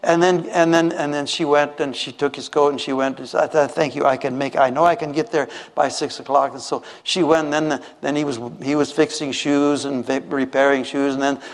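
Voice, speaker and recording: Man, storytelling preacher, slightly high, animated, acts out voices, reverberant hall. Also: a little fast, hardly any pauses. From Minnesota. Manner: animated, acts out voices in his stories, many restarts. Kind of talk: storytelling sermon. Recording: echoey hall.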